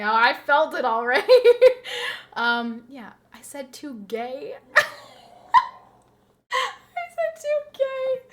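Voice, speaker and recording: A woman's voice: sits high, sharp tone. A woman streamer chatting casually with her viewers, rambling and laughing often as she reads and answers chat.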